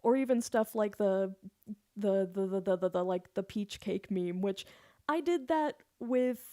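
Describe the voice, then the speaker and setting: A woman's voice: medium pitch, steady tone, normal speed, warm tone, no room sound, studio quality. A woman singer chatting casually on her live stream, giggly and loose, swearing now and then.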